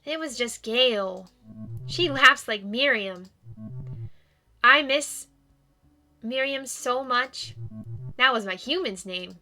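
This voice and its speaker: A woman voicing a cheerful, sweet male ghost dog as she reads a game's dialogue aloud in a bouncy, excitable, earnest way. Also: fairly high pitch, slow pace, long pauses, faint music behind, heavily acted. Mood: eager. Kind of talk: reading game dialogue aloud.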